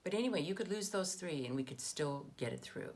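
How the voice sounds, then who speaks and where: Emphatic woman with a low, lively voice. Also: a little fast, slight background noise. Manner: emphatic, indignant, with frequent restarts. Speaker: political commentary host. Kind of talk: casual political monologue.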